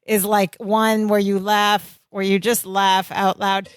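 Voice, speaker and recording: A woman's voice: medium pitch, slow, smooth, no room sound, studio quality. A woman co-hosting a podcast, chatting casually as she recaps a sitcom scene and acts out the lines with laughter. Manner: animated, acts out scenes with quoted voices and laughter. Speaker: podcast co-host.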